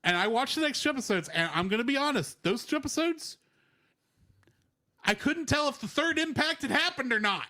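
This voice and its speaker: A man's voice: very high voice, lively intonation, brisk, pushed and bright. A man co-hosting a podcast, asking questions and chatting casually about a show. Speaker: podcast co-host. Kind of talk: casual review chat.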